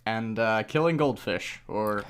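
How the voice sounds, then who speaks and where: A man's voice: fairly low pitch, measured pace, a bit bright, smooth. A young man co-hosting a casual podcast chat, playful and wry, laughing easily. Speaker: podcast co-host.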